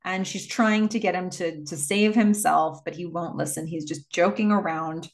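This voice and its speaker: A woman's voice: on the low side, moderate pace. A woman hosting a casual movie recap and telling the plot in a chatty way, with many fillers. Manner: chatty, filler-heavy storytelling.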